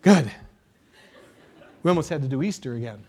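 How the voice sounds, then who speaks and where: A man preaching a sermon as pastor, with dramatic swings between hushed lines and loud, emphatic ones. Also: fairly high pitch, lively intonation, moderate pace. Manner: dramatic preaching with sudden hushed drops and rises.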